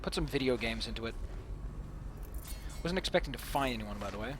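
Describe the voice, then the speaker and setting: A man's voice: mid-range voice, animated, a little fast, background noise. A young man commentating a game, giggling, rambling and swearing casually. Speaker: let's play host. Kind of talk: gameplay commentary.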